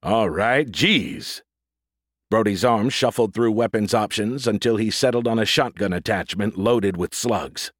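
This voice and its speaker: A man narrating an audiobook in a steady, even storytelling manner, close to a studio mic. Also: lowish voice, moderate pace, hardly any pauses, no echo.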